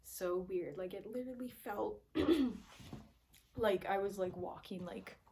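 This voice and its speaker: A woman's voice: mid-range voice, slow pace, mellow, slight background noise. A young woman telling a story in a casual, rambling way, full of "like" and "um", sometimes dropping to a whisper, recorded at home on a camera aimed at her face. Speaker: vlogger.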